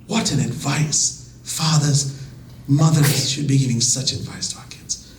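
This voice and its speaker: A man's voice: mid-range voice, slight background noise. Impassioned male preacher in an echoey hall. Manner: impassioned, dropping to soft, drawn-out emphasis; recites Arabic verses between English. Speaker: religious lecturer. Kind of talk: sermon.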